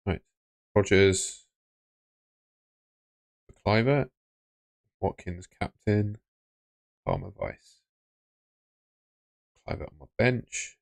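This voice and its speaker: A man's voice: on the low side, sing-song, extremely slow, gravelly, pauses often, no room sound. A young man hosting a live stream, chatting casually and muttering to himself as he sorts things out on his phone. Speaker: livestream host.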